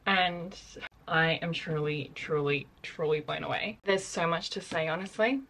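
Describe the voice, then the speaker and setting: A woman's voice: deep voice, measured pace, fairly bright tone, slight background noise, poor audio. A woman vlogger chatting casually and enthusiastically about books, often saying "like". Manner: gushing, enthusiastic, frequent "like". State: tired. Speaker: book vlogger. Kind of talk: casual vlog chat.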